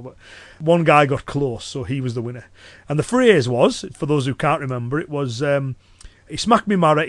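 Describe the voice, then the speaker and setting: A man with a Cumbrian accent hosting a podcast alone, talking in a relaxed, chatty way with lots of fillers. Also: on the high side, no room sound. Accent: Cumbrian English. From Cumbria, northwest England. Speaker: podcast host and self-protection instructor. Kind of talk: solo podcast talk.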